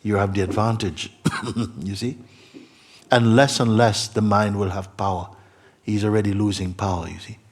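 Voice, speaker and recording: Husky-voiced man giving an earnest spiritual talk. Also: on the low side, fairly even intonation, normal speed, pauses often. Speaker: spiritual teacher. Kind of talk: satsang talk to a seeker. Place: meeting hall.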